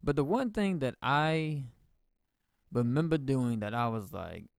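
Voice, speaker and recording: Young male podcast host, gravelly but smooth voice, casual rambling storyteller. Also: medium pitch, expressive, a little slow, no room sound, clean studio sound. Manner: emotional, rambling, slangy with many restarts.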